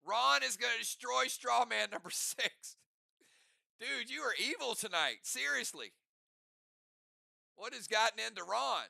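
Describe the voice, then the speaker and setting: A man hosting a live game session, calling out turns and timers while teasing the players with energetic banter. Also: very high-pitched, measured pace, vocal fry, long pauses, no room sound, clean studio sound.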